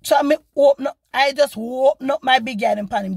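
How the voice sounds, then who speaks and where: A woman vlogger telling a story in a casual, animated and indignant way, acting out the people she quotes. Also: high-pitched, a little fast, gravelly, breathy edge, no room sound.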